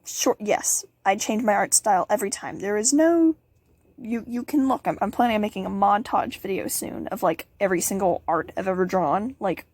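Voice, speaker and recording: A woman's voice: mid-range voice, moderate pace, darkish tone, breathy edge, no echo. A teenage girl hosting a casual question-and-answer vlog, bubbly and giggly, rambling with playful asides. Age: teens. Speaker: channel host.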